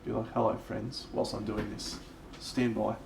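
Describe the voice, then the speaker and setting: An Australian man talks through his painting session live, relaxed and chatty, swearing freely as he goes. His voice has a gravelly edge and sits in a middling range. The sound bounces around an echoey room with a faint hum underneath. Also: on the low side, moderate pace. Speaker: miniature painter streaming live. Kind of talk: casual live-stream chat.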